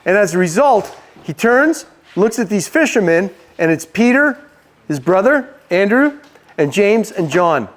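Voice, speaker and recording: Male preacher: high voice, chatty storytelling delivery. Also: sing-song, a little slow. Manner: conversational, asks the audience questions. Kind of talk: storytelling sermon.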